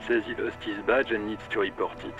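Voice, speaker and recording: A man's voice: lowish voice, flat delivery, a little fast, lo-fi sound, music in the background, lightly acted. An actor playing a scrawny old male police radio operator with a rattly voice, a thick French accent and clipped radio code. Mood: dutiful. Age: older.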